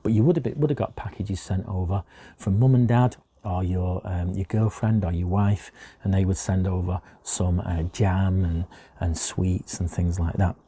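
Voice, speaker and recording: A man's voice: low voice, fairly even intonation, normal speed, mellow, breathy edge, no room sound. A man teaching a chatty history lesson to children, often asking them questions as he shows objects.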